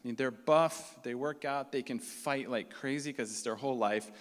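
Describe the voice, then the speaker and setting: Animated male storyteller in a reverberant hall. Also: medium pitch, normal speed. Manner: animated, acts out the people he quotes. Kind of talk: live personal storytelling.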